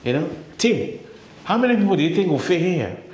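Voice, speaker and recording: A man's voice: sits high, sing-song, brisk, a little mellow, husky. A man vlogging a hotel room tour, gushing and exclaiming as he shows each room. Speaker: travel vlogger. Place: hotel suite, indoors.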